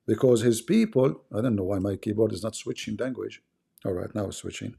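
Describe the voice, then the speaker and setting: A man's voice: on the low side, lively intonation, a little fast, gravelly, warm tone, breathy edge. A man hosting a heated live online debate, arguing in broken English, cutting in and repeating phrases to make his point. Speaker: debate host.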